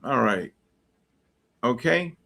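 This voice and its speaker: A man's voice: mid-range voice, big pitch swings, takes it slowly, gravelly, sharp tone. A man hosting a live futures trading stream, chatting through charts and viewer messages in a rambling way with many fillers. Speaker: futures trading livestream host. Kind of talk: live trading commentary reading viewer chat.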